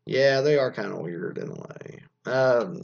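A man's voice: mid-range voice, expressive, measured pace, creaky. An American man giving rambling, opinionated podcast commentary, often restarting his sentences and reading news items aloud before going off on tangents. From United States. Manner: rambling, frequent restarts and fillers, reads news aloud then riffs. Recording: dull lo-fi sound.

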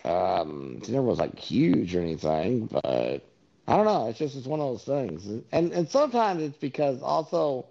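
A man's voice: medium pitch, sing-song, normal speed, vocal fry, mellow. A man telling stories in a casual, rambling monologue, full of fillers and swearing. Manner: rambling storyteller, many fillers, profane asides. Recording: dull lo-fi recording.

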